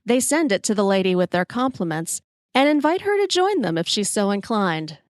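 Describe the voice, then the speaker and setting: A woman's voice: mid-range voice, big pitch swings, moderate pace, dry recording, clean studio sound, lightly acted. A woman voicing a female bar server who politely sets a customer straight. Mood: politely firm.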